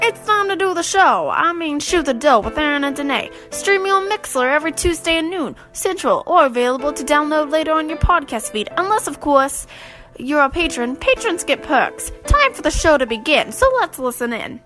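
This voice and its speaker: Female intro announcer, high and bright, music behind. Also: animated, moderate pace. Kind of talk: scripted announcement.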